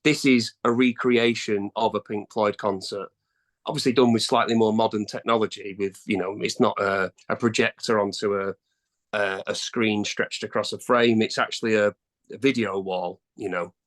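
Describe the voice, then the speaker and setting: A man's voice: on the low side, steady tone, moderate pace, fairly bright tone. Middle-aged male singer, casual guest, rambling, hesitant restarts. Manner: rambling, chatty, many fillers and restarts. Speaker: singer in a tribute band, interview guest. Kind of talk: casual interview answers.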